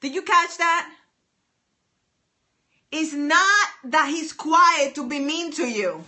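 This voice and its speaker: A woman's voice: high-pitched, lively intonation, slow, pushed and bright. A woman giving a motivational talk, emphatic and repetitive, with many rhetorical questions. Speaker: motivational speaker.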